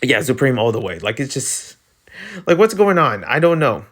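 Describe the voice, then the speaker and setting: A man with a Filipino accent talks at a medium pitch in loose, excitable vlog commentary. He rambles and leans hard on fillers. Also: normal speed. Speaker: vlogger ranking breakdancers. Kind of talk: casual commentary.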